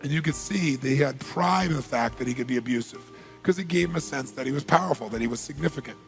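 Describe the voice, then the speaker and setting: A man giving a motivational talk, telling a story with animated, rising bursts. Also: medium pitch, fast talker, vocal fry, faint music behind. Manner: animated, builds to loud bursts. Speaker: motivational speaker.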